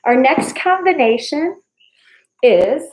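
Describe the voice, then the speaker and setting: A woman's voice: high voice, very animated, slow pace. A woman teaching a ballet class, chatty and encouraging as she calls out steps and counts while she demonstrates, a little out of breath. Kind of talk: live online dance class instruction. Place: dance studio, large room. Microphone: far camera mic. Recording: echoey room, far from the mic. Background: piano class music playing.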